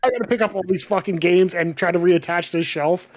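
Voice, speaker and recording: A man's voice: high voice, a little fast. A man in casual podcast chat, telling stories with lots of laughter and animation. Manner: animated storytelling, laughing often. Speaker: podcast co-host.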